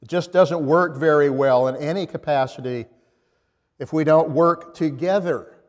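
A man delivers a sermon in a somewhat high voice, telling stories at a reflective pace. He pauses often and restarts phrases. His words ring out with a long reverb, as in a church sanctuary. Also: darkish tone. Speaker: preacher.

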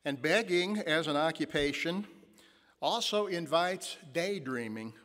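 A man gives a Sunday sermon in a church, with a voice on the high side for a man. He muses with fillers, then draws listeners into a second-person retelling. His words ring out with the long reverb of a large hall. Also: lively intonation, unhurried, fairly bright tone. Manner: musing, hesitant with fillers in asides, vivid second-person retelling. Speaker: pastor. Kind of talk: sermon with guided storytelling.

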